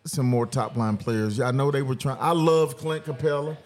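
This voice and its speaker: A man's voice: medium pitch, darkish tone. A man hosting a sports podcast at a car show, chatting casually and laughing often. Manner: laid-back, laughs often, drawn-out fillers. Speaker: podcast host.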